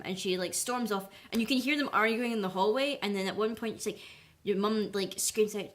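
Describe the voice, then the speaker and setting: A woman's voice: medium pitch, fast, a bit bright. A woman giving a casual film review vlog, rambling and peppering her talk with "like" and "or whatever". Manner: chatty, rambling, heavy use of "like" and "or whatever".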